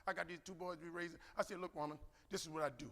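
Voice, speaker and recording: A man's voice: fairly high pitch, very fast. A man giving a motivational keynote, telling stories and acting out both sides of a conversation. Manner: animated, preacherly, acts out both sides of a dialogue. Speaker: keynote speaker. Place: large conference hall. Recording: echoey hall with long reverb.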